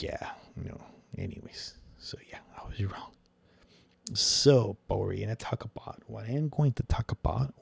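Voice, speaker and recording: A man's voice: fairly low pitch, vocal fry, a little mellow, no room sound. A man hosting a podcast, chatting in a rambling, profane way and slipping in words. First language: Spanish. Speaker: podcast host. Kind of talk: casual opinion chat.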